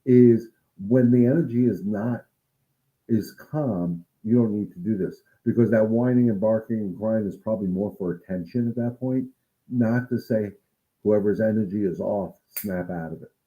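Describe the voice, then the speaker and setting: A man's voice: fairly low pitch, moderate pace, highs cut off. A man who trains dogs, talking casually to his viewers in a livestream Q&A, earnest and coaching. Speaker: dog trainer answering viewer questions.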